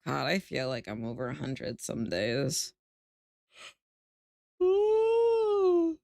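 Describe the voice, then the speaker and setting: A woman's voice: a bass voice, normal speed, gravelly, no echo, clean studio sound. Drowsy, swearing woman streamer. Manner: chatty, swears freely, laughs often. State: sleepy, yawning. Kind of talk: casual chat.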